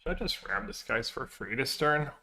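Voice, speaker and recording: A man's voice: mid-range voice, expressive, normal speed, pushed and bright. A man streaming a card game, thinking aloud about his plays and chatting with viewers in a casual, muttering way. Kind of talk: casual stream commentary while playing.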